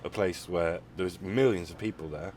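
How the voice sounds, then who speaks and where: This is a podcast host, a man with a low, slightly mellow voice speaking at normal speed. He talks in a rambling, casual way with many restarts, and there's a little hiss or hum in the audio.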